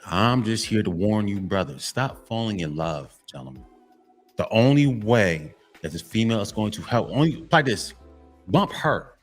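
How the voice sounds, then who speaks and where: A men's motivational vlogger speaks in a fairly low, animated voice at a normal pace, with faint music in the background. His blunt monologue to men is repetitive and lecturing; he keeps saying "gentlemen" and half-censors his swearing.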